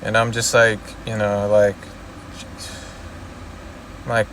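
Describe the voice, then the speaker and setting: A man's voice: mid-range voice, level tone, a little slow, fairly bright tone, a little hiss or hum. A young man ranting casually to his viewers, exasperated and rambling, repeating himself and swearing. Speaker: YouTuber. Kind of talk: casual rant to camera.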